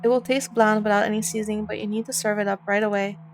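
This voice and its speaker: A young woman hosting a gaming video, reading the narration of a horror visual novel aloud and breaking off to swear in quick reactions. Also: mid-range voice, fairly even intonation, soft background music.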